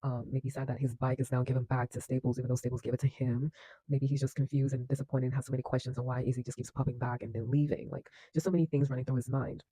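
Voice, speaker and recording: A man's voice: mid-range voice, little pitch movement, quick pace, mellow, slightly rough, no echo, low-quality recording. A man giving casual film reaction commentary, effusive and slangy, laughing often and restarting his sentences. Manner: enthusiastic, laughs often, many fillers and restarts.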